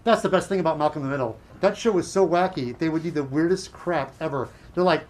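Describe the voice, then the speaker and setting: A middle-aged man telling work stories in a casual chat, animated and acting out other people's lines. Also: a little high. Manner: animated, acts out dialogue in quick bursts. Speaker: guest.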